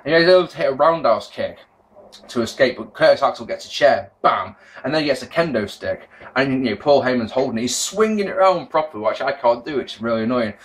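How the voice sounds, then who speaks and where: A man giving a casual, rambling review of a wrestling show, swearing freely and swinging between loud outbursts and low mutters. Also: expressive, quick pace. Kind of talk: casual video commentary.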